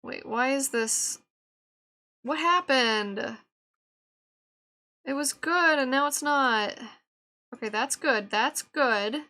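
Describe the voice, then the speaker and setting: A woman's voice: high-pitched, slow, pauses often, pushed and bright. A woman streamer talking to herself while she works, exasperated and laughing at her own mistakes. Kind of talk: live-stream self-talk while animating.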